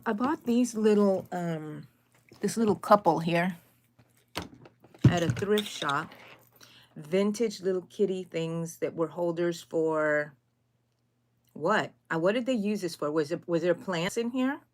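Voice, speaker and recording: A woman's voice: lowish voice, slow pace, long pauses, a little mellow. Cheerful woman livestreaming. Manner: chatty, greets viewers by name, cheerful. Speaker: crochet channel host. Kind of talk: casual livestream chat. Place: home craft room.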